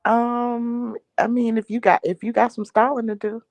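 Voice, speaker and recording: Gravelly-voiced woman co-hosting a livestream. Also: fairly high pitch, little pitch movement, moderate pace, a little mellow, lo-fi sound. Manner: short, playful interjections. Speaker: guest co-host. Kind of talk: casual live chat.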